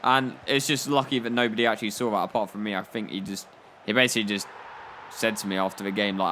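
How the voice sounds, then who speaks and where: A man's voice: on the low side, steady tone, fast, bright, forceful tone, a little hiss or hum. A young man commenting on his football game, spinning rambling, jokey stories full of "like". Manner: rambling, jokey storytelling with frequent "like". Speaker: gaming YouTuber. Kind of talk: comedic gameplay commentary.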